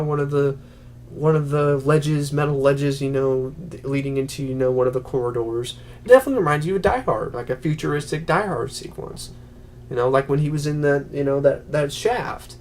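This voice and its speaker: A man with a slightly higher voice walks through a film scene by scene in a loose, rambling review. He leans on filler words and briefly acts out the characters' lines as he goes. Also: darkish tone. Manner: rambling, many "you know" fillers, acts out quotes. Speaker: movie reviewer. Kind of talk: casual spoken film review.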